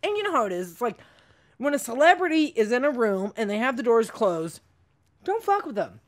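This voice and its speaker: A woman's voice: fairly high pitch, big pitch swings, a little fast. A woman stand-up comedian telling a story as a podcast guest, in a blunt, profane way. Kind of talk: casual storytelling.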